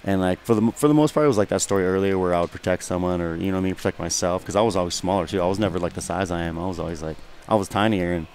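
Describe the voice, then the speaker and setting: Deep-voiced man rattling off a profane story. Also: very fast, hardly any pauses, a little mellow, slight background noise. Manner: profane and rambling, keeps saying "you know what I mean". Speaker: guest fighter. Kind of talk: casual storytelling.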